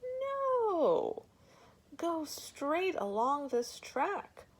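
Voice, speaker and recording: A woman's voice: very high voice, huge pitch swings, very slow, voice pushed up, exaggerated voice. A woman playing a lazy one-tusked elephant. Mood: dismissive. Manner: lazy, evasive drawl.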